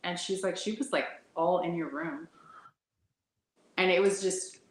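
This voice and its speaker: A woman's voice: on the low side, a little slow, echoey room, rough recording. A woman telling a personal paranormal story as a guest, laughing often and acting out the lines of the people in it. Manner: laughs often while talking, acts out her own and others' quoted lines. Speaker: guest sharing a paranormal experience.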